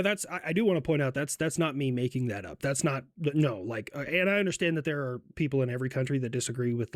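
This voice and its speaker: A man's voice: mid-range voice, no room sound, clean studio sound. A man co-hosting a comedy news show, talking in a rambling, offhand way. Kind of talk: casual chat.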